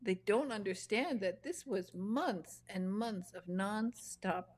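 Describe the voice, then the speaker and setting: A woman's voice: mid-range voice, slow pace, darkish tone. A woman hosting an interview, chatting casually and laughing through rambling anecdotes. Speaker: podcast host.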